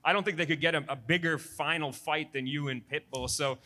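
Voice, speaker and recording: A man's voice: fairly high pitch, steady tone, fairly quick, sharp tone. A man interviewing a fighter, asking long rambling questions with restarts.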